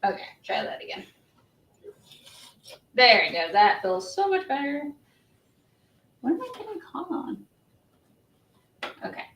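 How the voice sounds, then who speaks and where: A woman's voice: high-pitched, very animated, measured pace, long pauses, fairly bright tone, slight background noise, rough recording. A woman hosting a live embroidery demo, chatty and gushing, laughing often and sounding a little congested. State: congested, says she is on cold medicine. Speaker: host demonstrating embroidery. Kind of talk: casual live demo chat.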